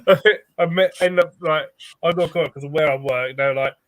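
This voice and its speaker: A man's voice: fairly high pitch, fairly even intonation, brisk, dry recording. Laughing British man telling a story. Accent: British English. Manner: laughs often, tells stories with quoted voices. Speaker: guest. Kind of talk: casual chat.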